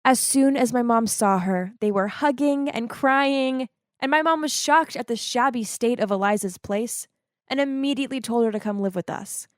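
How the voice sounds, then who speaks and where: A woman narrating an animated storytime in a dramatic, emotive way. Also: moderate pace, no echo, studio quality. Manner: emotive and dramatic, swings to high exclaims.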